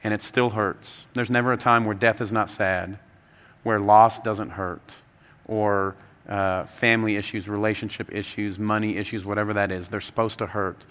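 A man in his thirties preaches in a storytelling way, his voice climbing and louder when excited and sinking soft and low for serious points. His tone is bright and forward. The sound carries the long tail of a large church hall. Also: normal speed. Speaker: pastor. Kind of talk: sermon.

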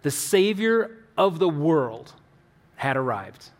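A man with a fairly high voice delivers a sermon. He is earnest and slows down to drop low on the key words. The sound carries a long echo, as in a large space. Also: big pitch swings. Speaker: pastor.

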